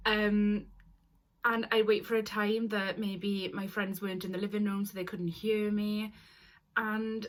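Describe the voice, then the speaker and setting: A young woman in her twenties speaks straight to her viewers in a heartfelt confessional vlog. Her voice sits at an ordinary middle pitch. She is earnest and apologetic, and at times close to tears. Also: flat delivery, a little slow. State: tearful at times. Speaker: vlogger. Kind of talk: personal confessional story.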